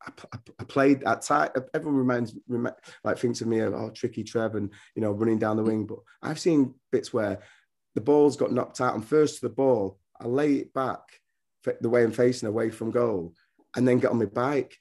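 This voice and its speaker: A middle-aged former footballer and coach talks casually as a guest on a podcast interview. His mid-range voice is dark and steady in tone at normal speed, and his stories ramble with many restarts.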